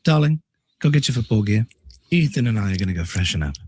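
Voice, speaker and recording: A gruff husband in a comedy sketch barks short, impatient orders, played by a man. His husky voice sits low and swings widely. He rushes his lines. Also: big pitch swings, a little mellow.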